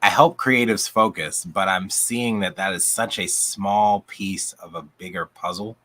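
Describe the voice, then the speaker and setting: A man's voice: sits low, fairly even intonation, measured pace, pushed and bright. A man, a coach, chatting enthusiastically on a group video call, his voice going out. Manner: upbeat, enthusiastic, rambling with restarts. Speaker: coach, channel guest.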